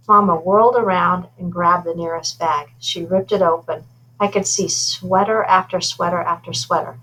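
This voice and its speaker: A woman's voice: on the low side, sharp tone, rough recording. Woman reading a children's book aloud. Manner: informal, with asides about her own slips. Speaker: reader.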